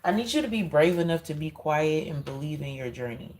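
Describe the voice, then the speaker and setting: A woman's voice: low-pitched, expressive, a little fast, a little mellow, low-quality recording. A woman giving an intuitive card reading, speaking emphatically and straight to her viewers, often repeating herself. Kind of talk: spiritual card reading monologue.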